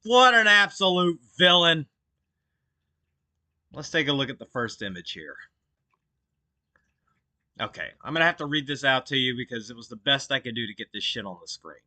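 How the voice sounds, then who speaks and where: A man's voice: medium pitch, sing-song, moderate pace, long pauses, sharp tone. A man hosting a stream, giving sarcastic, theatrical mock-outraged commentary full of swearing. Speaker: streamer host.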